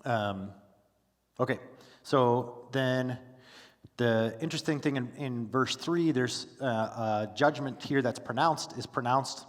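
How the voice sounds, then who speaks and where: A man teaching a Bible study class in a relaxed, conversational way, full of fillers and restarts, who stops to ask his class questions. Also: mid-range voice, in a large hall. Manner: casual, with frequent fillers and restarts. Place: church classroom.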